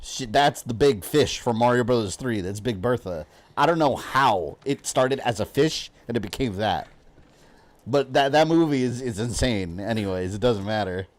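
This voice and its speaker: A gaming streamer plays a video game live, chatting casually with viewers and rambling with lots of fillers and frequent laughs. His mid-range voice has lively intonation and a moderate pace.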